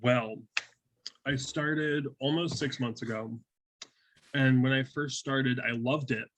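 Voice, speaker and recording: Young man, twenties, candid blunt guest, mid pitch, dry mic. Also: steady tone, slow, fairly bright tone, dry recording, rough recording. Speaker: guest, photographer. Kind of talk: casual interview talk.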